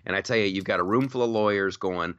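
A man's voice: sits low, quick pace, a bit bright, clean tone, dry recording. A man co-hosting a podcast, talking emphatically about the news and repeating words as he starts his thoughts. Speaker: podcast co-host. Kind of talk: casual political chat. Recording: slightly dull lo-fi sound.

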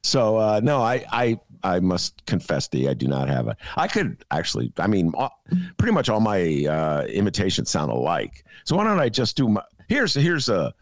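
Guy ranting on a podcast, low gravelly voice, swings up and down a lot, dry sound. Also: moderate pace, dry recording. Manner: animated, sarcastic, ranting. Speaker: podcast co-host. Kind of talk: casual political commentary.

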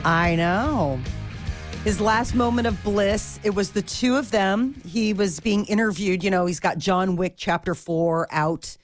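A woman's voice: mid-range voice, measured pace, soft background music. A woman co-hosting a morning radio show, chatting casually about celebrity news.

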